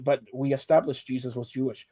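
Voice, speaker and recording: A man hosting a casual sports talk show, loud and teasing, joking with his co-hosts. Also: medium pitch, flat delivery, fairly quick, no room sound. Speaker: show host.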